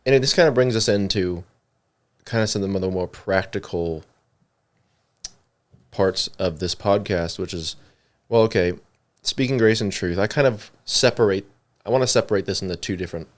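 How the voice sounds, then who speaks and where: A young man with a lowish voice chats on a church podcast. He talks in a relaxed, rambling way full of fillers and turns his thoughts into questions for his co-host. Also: moderate pace, pauses often. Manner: conversational, many fillers, asks questions. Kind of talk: casual podcast discussion.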